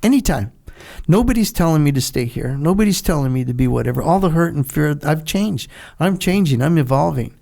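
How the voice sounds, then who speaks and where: Here the former Navy SEAL guest, an older man, sounds mellow yet animated, talking a bit fast with few pauses in a higher voice touched by vocal fry. He rambles, laughs a lot, and voices the characters he quotes while telling stories in a casual interview.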